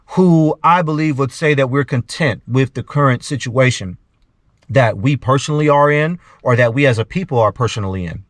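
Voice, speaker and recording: Male host, preachy solo commentary, throat-clearing habit, dry close mic. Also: medium pitch, no echo. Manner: preachy, repeats "you know", clears throat often. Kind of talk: monologue commentary.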